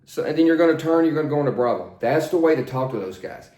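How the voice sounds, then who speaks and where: An older man working as a flight instructor, coaching in a plain, steady, repetitive way. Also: on the high side, fast talker. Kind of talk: spoken instruction, demonstrating radio calls. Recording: roomy echo.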